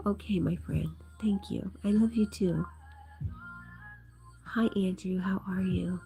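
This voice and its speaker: A middle-aged woman hosting a live stream, reading chat comments aloud in a soft, gentle whisper as whispered role-play. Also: medium pitch, slow, long pauses. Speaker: livestream host reading chat. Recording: faint background music.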